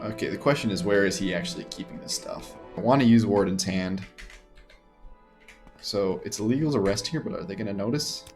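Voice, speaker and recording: A man's voice: lowish voice, fairly quick, a little mellow, faint music behind. Man musing over gameplay. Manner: thinks aloud, chuckles, mumbles half-sentences. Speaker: gamer, channel host. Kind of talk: casual gameplay commentary.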